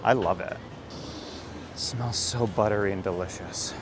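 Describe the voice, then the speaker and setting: A man from the United States in his thirties, chatting excitedly and casually while tasting pastries on city streets, swearing now and then. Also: lowish voice, moderate pace, music in the background. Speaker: food vlogger. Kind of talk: casual food vlog. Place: streets and bakeries of a city, outdoors.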